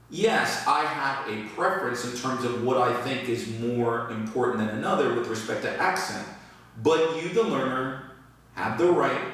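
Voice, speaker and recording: A man, an English teacher, giving a lesson on accent in a slow, deliberate way with emphatic pauses. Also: medium pitch, fairly bright tone. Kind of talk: talking-head lesson on accent. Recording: echoey room, mic far off.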